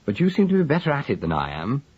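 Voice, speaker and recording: A man voicing a wry English gentleman detective in a dry, understated way, on a dull lo-fi recording. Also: medium pitch, wildly swooping pitch, fast talker, husky, dry recording, pitched above the performer's own voice.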